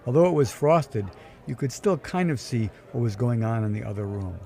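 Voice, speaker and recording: A man's voice: medium pitch, mellow. A man narrating a scripted first-person story in a dry, wry tone, recorded on a close mic. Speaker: storyteller, podcast host.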